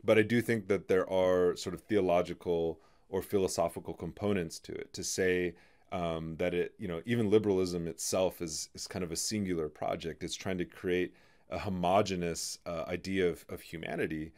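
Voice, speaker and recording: Deep-voiced man, halting podcast host. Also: fairly even intonation, a little mellow. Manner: halting, many "you know" fillers and restarts. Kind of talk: in-depth conversational discussion.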